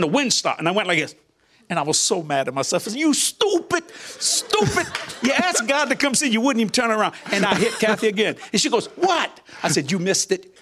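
An older man tells his testimony in a high, lively voice that climbs and drops. He talks casually and laughs often, and he acts out the quotes with sudden leaps in pitch. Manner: animated, laughing, colloquial, voices quotes with big pitch jumps. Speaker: guest minister. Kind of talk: testimony storytelling.

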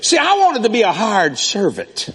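Preacher guy, high voice swooping all over, echoey hall. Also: moderate pace. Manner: animated storytelling preaching with laughs. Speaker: pastor. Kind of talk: sermon.

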